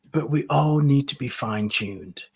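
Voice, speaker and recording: A man living in the UK speaks alone into his own podcast mic, musing through a loose spiritual talk, laughing often and losing his thread. His medium-pitched voice is gravelly and a little mellow, with a breathy edge.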